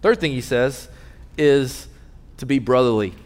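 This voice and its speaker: Earnest pastor preaching in a reverberant hall. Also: male voice, measured pace. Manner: earnest storytelling, drops soft and low in emotional moments. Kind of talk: sermon. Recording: long reverb of a large hall.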